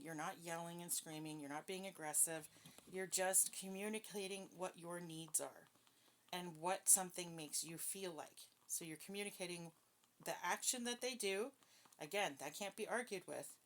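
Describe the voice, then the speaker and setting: Woman tarot reader, casual and talkative, slightly low voice, noisy home recording. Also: a bit bright. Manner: chatty, self-deprecating, talks straight to viewers with frequent "okay?". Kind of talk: casual spiritual card reading.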